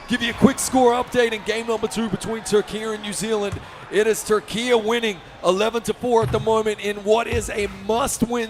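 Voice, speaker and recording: A man calls a virtual basketball game with a high, lifted voice. He is excited and keeps punching out the big moments. He sounds like a busy live esports commentator. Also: a little hiss or hum. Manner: excited, often shouting. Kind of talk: play-by-play commentary.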